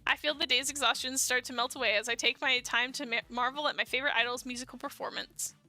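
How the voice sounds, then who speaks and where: Bright-voiced young woman streamer. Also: sits high, steady tone, quick pace, faint music behind. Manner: playful, laughing asides. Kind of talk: reading a dating sim aloud and reacting.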